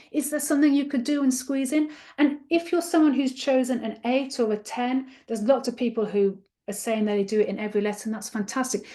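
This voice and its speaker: A woman's voice: high voice, a little mellow. A woman leading a live teacher-training webinar, talking in a chatty, encouraging way and putting questions to her audience.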